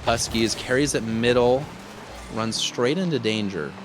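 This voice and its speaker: A man casting a live esports match as play-by-play commentator, jokey and excitable with loud bursts of enthusiasm. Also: medium pitch, measured pace. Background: music.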